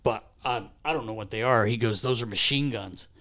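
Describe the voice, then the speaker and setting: A male podcast co-host with a mid-range voice talks in a relaxed way, then bursts into bright animated storytelling. When he acts out his younger self, his pitch shoots up. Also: a little fast, heavy background noise. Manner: animated storyteller who jumps to a high pitch when quoting himself as a child. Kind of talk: casual chat. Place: podcast studio.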